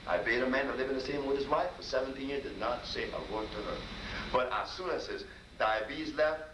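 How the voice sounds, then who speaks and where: A man speaking a little fast in a mid-range voice gives a storytelling lecture as a healer, folksy and repetitive, acting out dialogue. The recording is noisy and echoey, with a distant mic.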